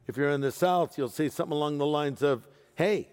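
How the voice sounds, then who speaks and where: A fairly high-voiced man delivers a sermon as a pastor, lively and playful, tossing in humorous asides. His voice carries a long reverb, as if recorded in a large church hall. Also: quick pace, smooth.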